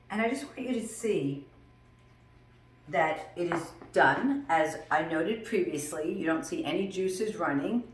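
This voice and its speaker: A woman over fifty, a fitness instructor, chatting effusively while cooking, full of animated exclamations. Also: on the low side, recorded from a distance. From United States. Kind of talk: casual cooking vlog chat. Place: home kitchen. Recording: roomy echo, voice from off-mic in a home kitchen.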